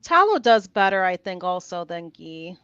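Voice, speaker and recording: A woman's voice: on the low side, big pitch swings, normal speed, fairly bright tone, clear, resonant tone, dry recording, highs cut off. A woman with a New Jersey accent, a guest on a video call, effusive and laughing often. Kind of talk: casual interview chat.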